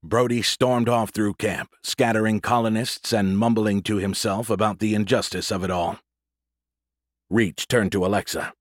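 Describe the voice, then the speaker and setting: A man narrating an audiobook in a steady, even reading. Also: lowish voice, normal speed, no echo, studio quality.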